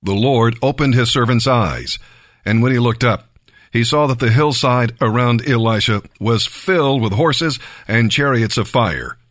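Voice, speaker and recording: Man reading scripture, slow deliberate pace, dry close sound. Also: mid-range voice, lively intonation, a bit bright, dry recording. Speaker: Bible reader.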